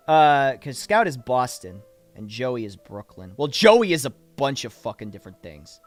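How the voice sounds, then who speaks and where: A chatty man talking casually on a livestream, answering questions with an animated, expressive delivery. His pitch is middling but moves around a lot, and he laughs easily and swears offhand. Faint music plays quietly behind him. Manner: demonstrates voices with quick shifts. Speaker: voice actor and streamer.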